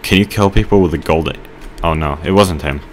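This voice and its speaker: A man giving rambling let's play commentary, telling a halting story with mock outrage while he plays. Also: sits low, slight background noise. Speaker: gamer.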